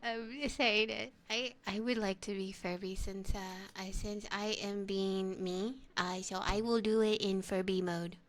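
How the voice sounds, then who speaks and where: A woman's voice: medium pitch, steady tone, unhurried, hardly any pauses. A woman ASMR streamer chatting casually with her viewers, giggling often and poking fun at herself. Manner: giggly, self-deprecating, laughs often.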